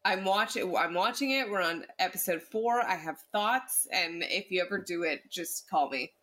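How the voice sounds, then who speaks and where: Male podcast regular, bright tone, stumbling restarts, relaxed chat. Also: high-pitched. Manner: halting, repeats words while gathering thoughts. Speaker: podcast co-host. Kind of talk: casual chat.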